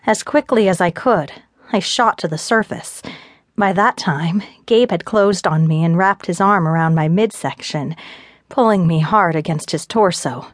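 A woman narrating a first-person romance audiobook in a steady, measured way on a close studio mic. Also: lowish voice, dry recording.

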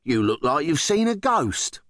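A man's voice: on the high side, very animated, slow pace, fairly bright tone, husky, no echo, clean studio sound, voice pushed up, full character voice. Curious storybook dinosaur crewman, chatty, lightly raised voice by a male narrator. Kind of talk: audiobook character voice.

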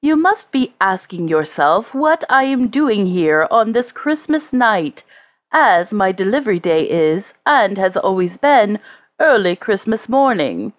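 A woman voicing a kind, jolly old Father Christmas in a gentle, deeper voice. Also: very animated, measured pace, no room sound. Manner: gentle, deep, strong voice.

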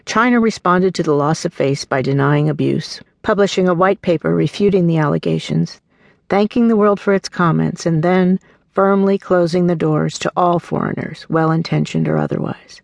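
A woman narrating her own memoir as an audiobook, telling the story in an earnest, warm way and voicing the people in it. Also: lowish voice, moderate pace, gravelly, no room sound.

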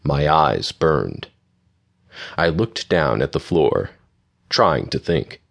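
Deep-voiced male audiobook narrator. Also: vocal fry. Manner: steady, measured reading. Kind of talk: scripted narration.

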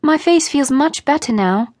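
A woman reading the part of a kind young governess, speaking softly and gently in an audiobook. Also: high-pitched, animated, measured pace, dry recording, clean studio sound, voice pushed up. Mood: tender. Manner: soft and gentle.

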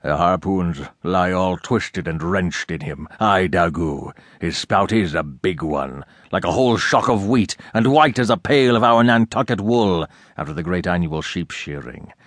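Pria memerankan kapten laut tua yang berang. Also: male voice, sits low, lively intonation, unhurried, hardly any pauses, no echo, studio quality, pitched below the performer's own voice. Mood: raging. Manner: ranting, shouting, wildly swinging. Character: fierce obsessed old male sea captain.

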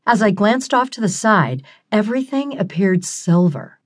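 A woman narrating a novel in the first person, in a wry, expressive storytelling manner. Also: medium pitch, moderate pace. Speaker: audiobook narrator.

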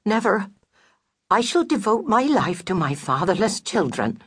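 A woman's voice: mid-range voice, very animated, unhurried, slightly rough, no echo, studio quality, pitched above the performer's own voice. A woman voicing a widowed mother mouse who is gloomy, plaintive and given to homely complaints. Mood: mournful. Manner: sighing, self-pitying, homely turns of phrase.

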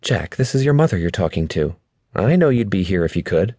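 A gentle old mother teasing her son from a hospital bed, put on by a man narrating. The voice sits somewhat higher than his naturally very deep register, soft-edged and affectionate. The sound is close and dry. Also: sing-song, a little fast, breathy edge, no echo, heavily acted. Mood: fond.

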